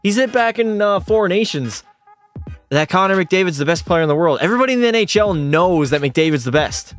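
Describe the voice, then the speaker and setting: A young man with a fairly high voice streams from home, tipsy from beer and swearing freely. He argues hockey with his chat in a casual, combative way. Faint music plays behind him. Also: animated, brisk. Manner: profane, argumentative, talks back to chat. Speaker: game streamer.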